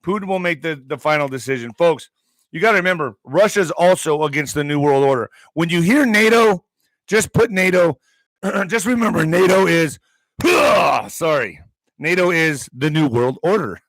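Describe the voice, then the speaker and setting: A man's voice: on the high side, lively intonation, moderate pace, fairly bright tone, no room sound, rough recording. A man hosting an online commentary show, reading news items aloud and breaking off into profane, sarcastic asides. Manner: profane, sarcastic asides between read headlines.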